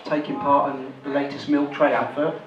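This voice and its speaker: A man's voice: medium pitch, flat delivery, normal speed, highs cut off. A middle-aged man doing a stand-up comedy set, teasing the crowd and swearing a lot. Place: small club gig with a laughing crowd. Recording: roomy hall taken from far off, loud noise.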